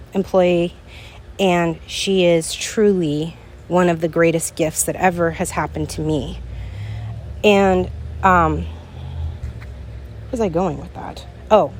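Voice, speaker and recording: A woman's voice: lowish voice, a little hiss or hum. A middle-aged woman hosting a solo podcast, talking earnestly and emotionally to her listeners, her voice rising in bursts of feeling. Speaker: podcast host. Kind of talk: heartfelt solo podcast monologue.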